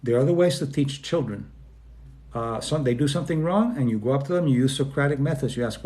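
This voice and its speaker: A man from Spain speaking informally about self-esteem, often acting out quoted people in quick voice changes, with plenty of fillers and restarts. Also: mid-range voice, expressive, darkish tone. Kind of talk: informal talk to an online audience.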